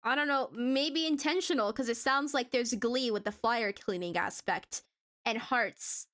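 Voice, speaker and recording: A woman's voice: on the high side, unhurried, fairly bright tone. A woman streamer chatting casually with her viewers while drawing, giggling often and stumbling over restarts.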